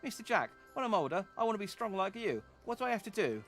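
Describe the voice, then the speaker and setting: An eager little boy, as a man puts him on in a high, excited voice. He sounds curious and pushy, and his pitch leaps around. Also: fast, faint music behind, heavily acted.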